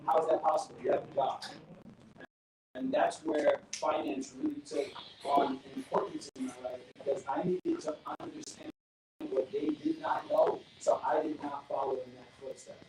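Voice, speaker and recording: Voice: high-pitched, huge pitch swings, moderate pace, vocal fry, darkish tone. A panelist in a barbershop talk, speaking earnestly and emphatically and posing rhetorical questions. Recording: echoey room, distant mic, noisy.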